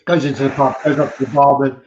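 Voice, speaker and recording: A man's voice: mid-range voice, little pitch movement, fast, darkish tone, slight background noise. Male co-host, loose swearing banter, muffled roomy stream sound. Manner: rambling, swearing, joke-telling. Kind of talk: casual livestream chat.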